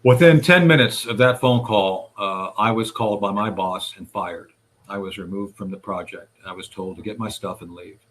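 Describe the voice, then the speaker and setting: A man recounting a series of events in recorded testimony, speaking deliberately with frequent hesitations and restarts. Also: on the low side, a bit bright. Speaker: whistleblower advocate recounting events. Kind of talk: recorded testimony played on a radio show.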